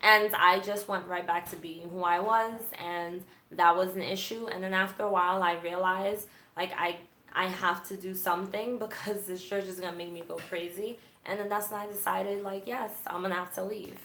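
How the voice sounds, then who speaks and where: A woman hosting a livestream, chatting candidly about her past in a church group and reading viewer comments aloud, with a sarcastic, animated way of telling stories. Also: lowish voice, normal speed, reverberant.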